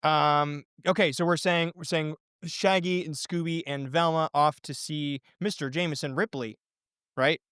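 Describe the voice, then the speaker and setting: A man's voice: fairly high pitch, steady tone, a little slow, fairly bright tone, smooth, dry recording, studio quality. A man co-hosting a casual podcast, eagerly thinking aloud while planning a story with friends. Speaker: podcast co-host.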